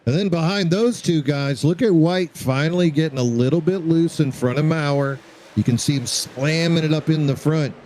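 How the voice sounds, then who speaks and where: Mellow-voiced male sim racing commentator. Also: fairly high pitch, moderate pace, rough recording. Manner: joking, banters with co-host. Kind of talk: play-by-play commentary.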